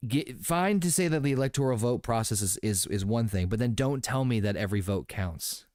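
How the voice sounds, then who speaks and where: A man's voice: mid-range voice, expressive, brisk, darkish tone, no room sound, studio quality. A man hosting a casual podcast chat, profane and rambling, full of fillers and restarts. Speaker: podcast host.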